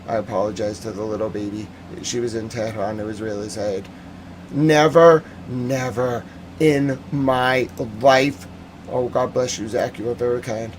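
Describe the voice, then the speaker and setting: A man's voice: on the low side, little pitch movement, brisk, hardly any pauses, a little mellow, slight background noise. A man hosting a live-stream news recap, ranting with heated emotion and answering viewer chat. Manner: reads viewer chat aloud. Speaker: host.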